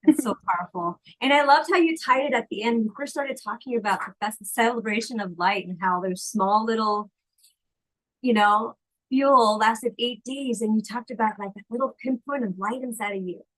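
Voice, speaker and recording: A woman's voice: fairly high pitch, normal speed, a bit bright, low-quality recording. Effusive woman hosting an online retreat. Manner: effusive, encouraging. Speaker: retreat host. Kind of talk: facilitating an online group session.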